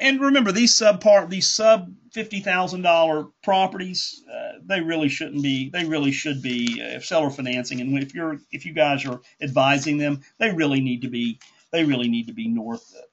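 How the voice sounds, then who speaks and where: A man's voice: a little high, moderate pace, fairly bright tone. A man hosting a conversational teaching call, rambling and correcting himself as he goes. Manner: rambling, self-correcting, folksy. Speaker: instructor hosting a group call. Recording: dull lo-fi call audio.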